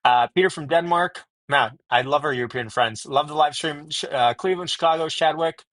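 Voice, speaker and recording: A man's voice: fairly high pitch, fairly quick, a bit bright, no echo. A man hosting a casual live stream from home, chatting and greeting viewers by name as they join, talking into wireless earbuds.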